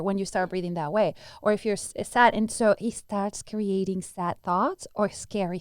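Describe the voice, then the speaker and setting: A woman's voice: medium pitch, fairly even intonation, moderate pace, few pauses, smooth, no room sound, studio quality. A woman who teaches breathwork, answering interview questions earnestly and demonstrating breathing sounds as she explains.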